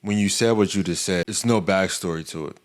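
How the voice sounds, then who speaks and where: Deep-voiced man, halting and defensive. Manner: defensive, halting, repeats himself. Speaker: podcast co-host. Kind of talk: candid couple's conversation.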